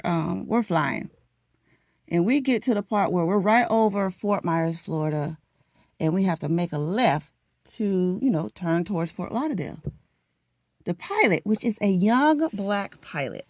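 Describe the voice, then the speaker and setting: A woman vlogger chatting casually as she gets ready for work at home, telling a story in an animated, dramatic way with laughs. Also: medium pitch, dry recording, clean studio sound.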